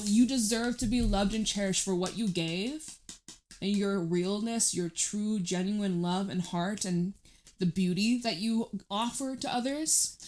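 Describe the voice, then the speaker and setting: A woman giving a tarot reading to camera, talking in a gentle, reassuring, chatty way with many fillers. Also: on the low side. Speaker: tarot reader.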